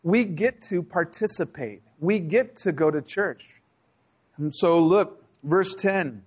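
A man with a high, light voice delivers a sermon from a church pulpit. He preaches casually, mixing warnings with jokes and little acted-out exchanges. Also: slow pace, darkish tone, husky. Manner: humorous, conversational preaching with acted asides. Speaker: pastor. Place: church sanctuary.

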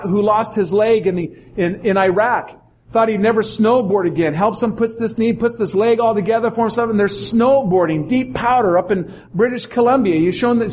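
A middle-aged male pastor preaching a sermon, telling stories in an animated way and acting out the quotes. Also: sits high, slight background noise. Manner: animated storytelling, acts out quotes.

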